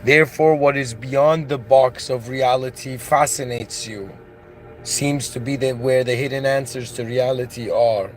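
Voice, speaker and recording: A man's voice: medium pitch, fairly even intonation, a little slow, faint music behind. A man giving a philosophical monologue, earnest and growing emotional as he talks. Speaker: channel host.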